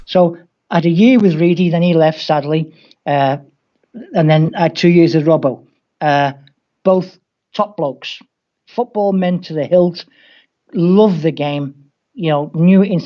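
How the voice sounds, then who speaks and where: A man with a Scouse accent, an English football coach, speaks a little slowly in a voice on the high side. Across this interview he tells wry anecdotes and acts out quoted voices, and the lo-fi audio sounds dull.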